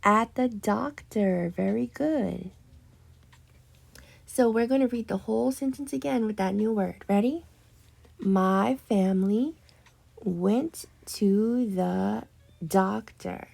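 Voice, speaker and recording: Slow, gravelly-voiced reading teacher woman. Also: medium pitch, a little mellow. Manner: slow, patient, drawn-out modeling of words. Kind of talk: guided reading lesson for young children.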